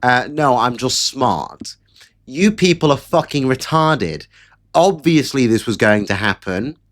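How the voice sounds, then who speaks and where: A man's voice: medium pitch, expressive, measured pace, fairly bright tone. A man delivering sarcastic, mocking political commentary in a ranting live stream. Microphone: camera setup at home.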